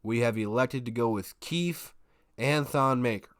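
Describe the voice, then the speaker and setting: A sports live stream host runs a basketball watch-party stream, chatting casually with viewers and frequently restarting sentences. His medium-pitched voice is unhurried, recorded on a desk microphone with clean studio sound and no echo.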